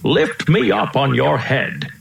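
A man's voice: medium pitch, expressive, slow pace, gravelly, exaggerated voice. A man voicing a brave, clever young elephant prince in a storybook, eager and confident. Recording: roomy echo.

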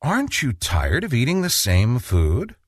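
A man's voice: medium pitch, huge pitch swings, unhurried, breathy edge, dry recording, clean studio sound, full character voice. A man voicing a patient mother pleading with her picky son, in a sing-song storybook manner. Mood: coaxing.

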